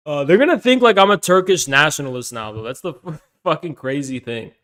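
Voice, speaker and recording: A man's voice: a little high, fairly bright tone. A man chatting casually on a stream, swearing a lot and breaking into helpless laughter. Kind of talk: casual live-stream chat.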